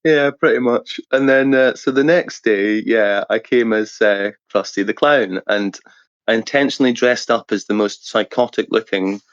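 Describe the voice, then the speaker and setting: A man with a lowish voice talks at a normal speed as an interview guest, heard over a headset in a dry, dull recording. He tells animated gaming stories casually, swearing and laughing often.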